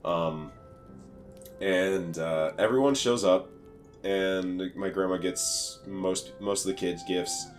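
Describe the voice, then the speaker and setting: A young man from the United States chats loosely on a podcast, his voice sitting a little low. He rambles with plenty of fillers and laughs at his own stories, while faint guitar music plays underneath. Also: fairly even intonation, slow pace. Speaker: podcast co-host. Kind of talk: casual podcast chat.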